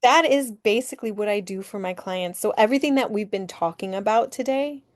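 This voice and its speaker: A woman's voice: medium pitch, brisk, dry recording, studio quality. A woman business coach as a guest, earnestly explaining her work with many fillers.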